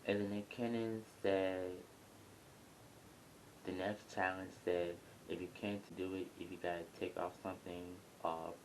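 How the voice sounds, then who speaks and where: A young man with a very low voice talks through a reality show in a loose, rambling way, blunt and chatty. He records at home, and a faint rumble of planes passing overhead hums behind him. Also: level tone, measured pace, rough recording. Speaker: YouTuber reviewing a reality show. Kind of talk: casual review vlog. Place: home near an airport, airplane noise.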